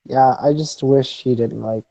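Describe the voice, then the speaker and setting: A young man talks in a relaxed, mellow voice, chatting casually with a friend. He is opinionated and slips into quick rants, laughing now and then. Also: medium pitch, creaky, dull audio. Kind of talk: casual chat.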